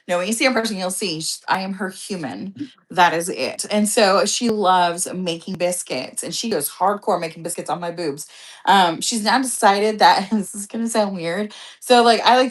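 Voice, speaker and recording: A woman hosting a vlog in casual chat, rambling and swearing freely as she tells stories. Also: mid-range voice. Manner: rambling, profane, chatty. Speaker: vlog host.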